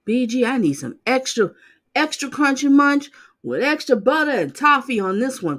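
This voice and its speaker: A woman host giving casual reaction commentary, sassy and blunt. Her voice swoops up and down constantly and lively. She exclaims often and talks straight to her viewers. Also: high voice, moderate pace. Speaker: channel host reacting to court clips.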